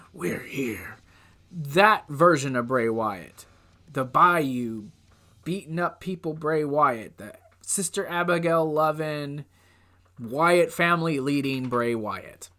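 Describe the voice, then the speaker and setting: Young guy doing a countdown, slow rambly talk, muttering stuff under his breath. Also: fairly high pitch, bright, forceful tone. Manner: loose, rambling, with drawn-out pauses and muttered asides. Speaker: host. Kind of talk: casual countdown commentary.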